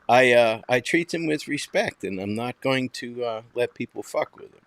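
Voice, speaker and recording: A man's voice: lowish voice, moderate pace, a bit bright, no echo. Male host, Boston accent, profane and rambling, casual talk-show chat.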